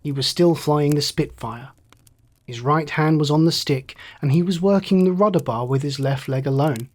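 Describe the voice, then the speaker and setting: A man reading a bedtime story aloud in a slow, measured, soothing manner. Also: a little high.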